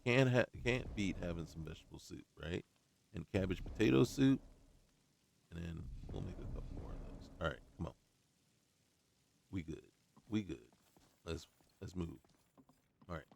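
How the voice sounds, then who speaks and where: Gravelly, animated man narrating his gameplay. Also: low voice, normal speed, long pauses, slight background noise. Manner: talks to himself while looting, muttered asides and playful outbursts. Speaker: gaming YouTuber. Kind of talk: casual let's-play commentary.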